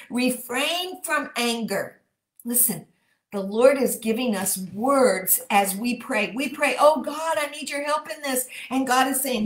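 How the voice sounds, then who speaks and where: A woman's voice: fairly high pitch, fairly bright tone. Fervent Texan woman leading prayer. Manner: fervent, slows to stress phrases, repeats key words. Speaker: prayer leader. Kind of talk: livestreamed prayer and scripture reading. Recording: echoey room.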